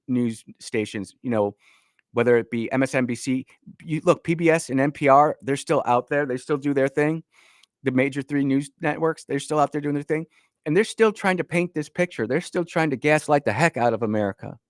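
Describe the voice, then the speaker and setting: A man's voice: fairly high pitch, moderate pace, no room sound, studio quality. A man hosting a political talk radio show, speaking in a folksy, emphatic way with frequent restarts, from Northern Illinois. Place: radio studio.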